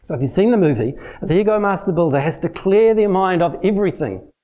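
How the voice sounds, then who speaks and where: Mellow-voiced man giving a relaxed sermon. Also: high-pitched, fast talker, poor audio. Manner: practical, plain-spoken, uses everyday examples. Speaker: church teacher leading a prayer session. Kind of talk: conversational sermon teaching.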